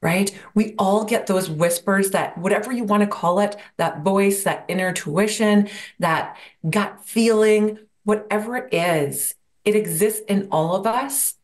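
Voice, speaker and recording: A woman's voice: medium pitch, a little slow, few pauses. A woman guest on a podcast, talking about burnout in a reflective coaching manner and posing rhetorical questions. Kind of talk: interview answers.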